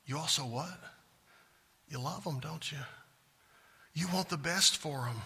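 Husky pastor preaching in a hall. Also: male voice, fairly high pitch, measured pace, long pauses, bright, forceful tone. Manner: conversational preaching with rhetorical questions. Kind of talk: sermon. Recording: long reverb in a large hall.

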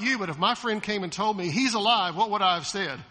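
Man preaching, bright high voice, big echoing church hall, lively. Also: brisk, hardly any pauses. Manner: animated, acts out quoted voices, asks the congregation questions. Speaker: pastor. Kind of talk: sermon. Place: church sanctuary.

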